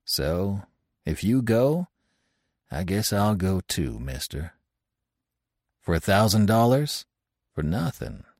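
A man voicing a rough, loyal young mountain guide who talks in a mumbling, folksy drawl. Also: sits low, big pitch swings, slow, a little mellow, dry recording, clean studio sound, exaggerated voice. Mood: subdued.

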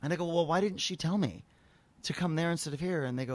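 A man's voice: fairly high pitch, fast. A man hosting a casual talk show, telling a long story with lots of swearing and acted-out dialogue. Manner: profane, animated storyteller acting out dialogue. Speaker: podcast host telling a story. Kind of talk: casual chat.

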